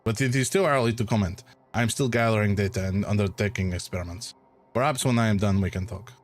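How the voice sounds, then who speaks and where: A man's voice: on the low side, fast, natural voice. A man putting on a hammy French researcher. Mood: formal. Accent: mock French. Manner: admittedly clumsy, exaggerated French accent. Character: earnest male French researcher, formal and cautious.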